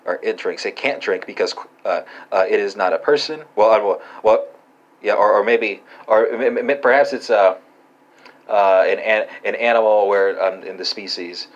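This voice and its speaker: A man giving a casual language lesson, talking haltingly with many "uh"s and "right?" tags. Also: on the low side. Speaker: language teacher. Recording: dull lo-fi recording.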